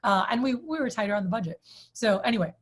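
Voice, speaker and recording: A woman's voice: on the high side, expressive, quick pace, slightly rough. Chatty woman sales trainer. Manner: chatty storyteller, many "like" fillers; asks the group questions. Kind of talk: casual training talk to a group.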